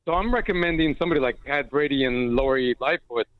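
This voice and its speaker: A man's voice: mid-range voice, quick pace, no room sound. A man calling in to a radio show, chatting casually and agreeably. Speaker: caller. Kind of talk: phone-in chat. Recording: tinny phone line.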